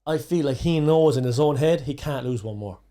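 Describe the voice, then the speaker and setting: A young man co-hosting a podcast, chatting casually and eagerly jumping in with his opinions. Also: a little high. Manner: animated, quick to jump in with opinions. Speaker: podcast co-host. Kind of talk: casual chat.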